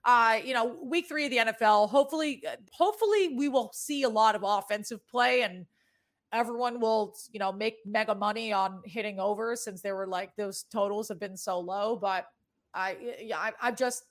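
A woman's voice: fairly high pitch, normal speed. A woman in her thirties from New England with a Boston accent tinged with New York, hosting a sports betting show in rambling, casually profane chat.

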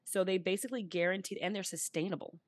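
A woman with a mid-range voice speaks at a quick pace, with no room sound. As a podcast co-host in a casual chat, she spins stories and quotes others in playful voices.

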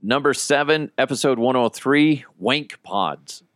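A young man hosting a podcast, chatting casually and telling stories with a joking, animated manner. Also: mid-range voice, measured pace, dry recording. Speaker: podcast host. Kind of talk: casual chat.

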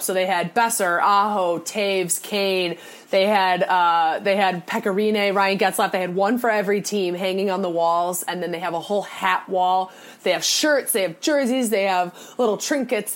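A young woman co-hosting a podcast, telling a bubbly, laugh-filled story in casual chat and acting out the people she quotes. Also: medium pitch. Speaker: podcast co-host.

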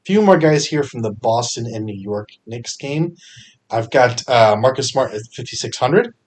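A man hosting a fantasy sports podcast, talking through his picks in a casual, energetic way, full of fillers and self-corrections. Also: medium pitch, moderate pace, a little hiss or hum.

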